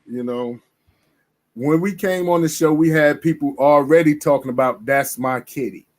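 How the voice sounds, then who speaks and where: A man's voice: on the high side, moderate pace. A man hosting a casual interview and asking a guest about her music. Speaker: interview host.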